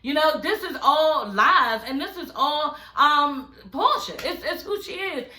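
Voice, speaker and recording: A woman giving a brash, profane, animated recap of a reality show from her living room. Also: high-pitched, measured pace. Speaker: recap vlogger. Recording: echoey room.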